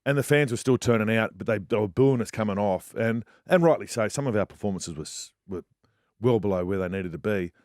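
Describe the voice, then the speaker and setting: A man's voice: on the low side, a little fast, darkish tone, no echo, clean studio sound. A man with an Australian accent, a former rugby league player, telling blunt, jokey stories on a radio panel.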